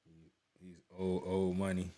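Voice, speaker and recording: A man's voice: sits low, monotone, unhurried, warm tone. A man hosting a reaction video, chatting loosely to viewers with many restarts and repeated words. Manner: talks to viewers as "y'all". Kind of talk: casual running commentary.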